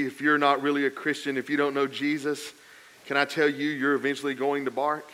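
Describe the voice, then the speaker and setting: A man preaching a sermon, telling a story with lively swings between loud emphatic passages and quiet, low asides. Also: moderate pace. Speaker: pastor.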